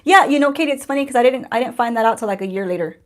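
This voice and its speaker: A woman's voice: a little high, lively intonation, racing. A woman, hosting a casual beauty livestream from home in a chatty, sarcastic, laughing way. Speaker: beauty channel host.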